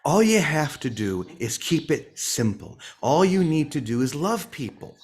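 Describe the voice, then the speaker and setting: A man imitating a kind woman friend who gives simple, gently insistent advice about love. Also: a little high, big pitch swings, a little slow, a little hiss or hum, pitched above the performer's own voice. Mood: earnest.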